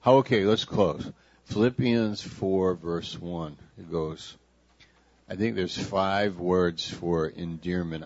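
A man, a pastor leading a sermon, who slowly and playfully coaxes the congregation to repeat words after him. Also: low voice, darkish tone, dry recording. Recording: dull lo-fi church recording.

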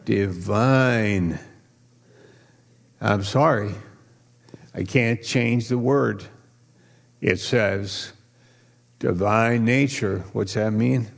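Slow gravelly pastor preaching. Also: male voice, on the low side. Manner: playful, quizzes the congregation; drawn-out emphasis on key words. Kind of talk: sermon.

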